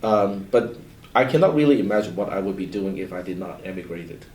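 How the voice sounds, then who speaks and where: 50s guy from hong kong, panel talk, lots of you know and restarts, low-ish voice, far off in an echoey room. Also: brisk, a little mellow. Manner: rambling, many fillers and restarts. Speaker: professor. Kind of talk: panel discussion. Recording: roomy, distant mic.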